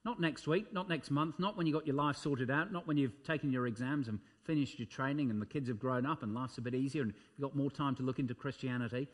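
A man preaches an emphatic sermon, swinging his voice up and dropping it low for effect, with frequent ums and uhs. He talks at a quick pace with few pauses.

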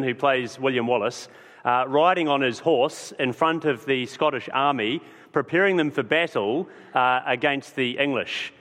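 A male preacher delivers a sermon in an easygoing, conversational manner, often pausing on "uh" and restarting his sentences. His voice sits at an ordinary middle pitch, and the room lends it a long, ringing reverb. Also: a bit bright. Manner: conversational, many fillers. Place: church hall. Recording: long church-hall reverb.

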